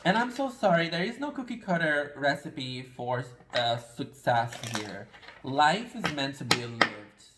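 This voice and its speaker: A man's voice: mid-range voice, big pitch swings, measured pace, fairly bright tone, echoey room, slight background noise, rough recording. A man giving a casual pick-a-card tarot reading, talking in a rambling, confessional and self-deprecating way.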